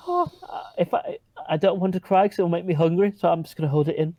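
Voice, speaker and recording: A man voicing a timid, eager, childlike young male character who stammers and gasps with excitement in a tabletop role-play. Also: dry recording, natural voice. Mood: excited. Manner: excitable, stammering, gasping with high squeals.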